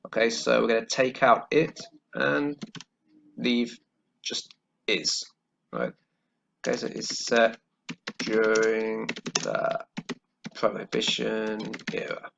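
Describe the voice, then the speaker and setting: Slow, gravelly male English teacher. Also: fairly low pitch, fairly bright tone, slight background noise. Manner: slow, careful explaining with frequent "okay" checks. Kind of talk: grammar lesson while writing on screen. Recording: dull lo-fi recording.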